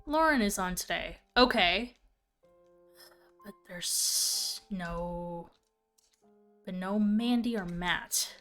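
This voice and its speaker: A woman's voice: mid-range voice, extremely slow, pauses often, fairly bright tone, faint music behind. Chatty young woman streaming a game. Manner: chatty, thinking aloud with fillers. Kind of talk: casual gameplay commentary.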